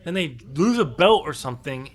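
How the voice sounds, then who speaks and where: A man's voice: on the high side, animated, a little fast. A man co-hosting a wrestling podcast in casual chat, opinionated and chatty, with frequent ums. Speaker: podcast co-host.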